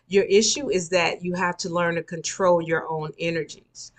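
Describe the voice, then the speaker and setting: A woman's voice: lowish voice, steady tone, normal speed. A woman giving a live spiritual lecture, emphatic and repeating her key points for the listeners. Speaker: spiritual teacher.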